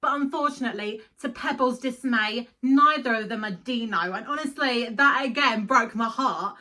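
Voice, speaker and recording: Chatty, giggly woman host, high bright voice, emotional cartoon commentary. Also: normal speed, few pauses. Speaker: video host. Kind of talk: casual cartoon review commentary.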